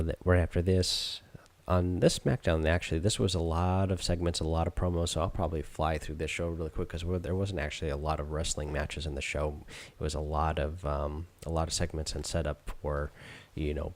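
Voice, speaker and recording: A man's voice: very deep voice, steady tone, moderate pace. A man hosting a podcast, recapping a show in a loose, rambling way full of ums and uhs. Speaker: podcast host.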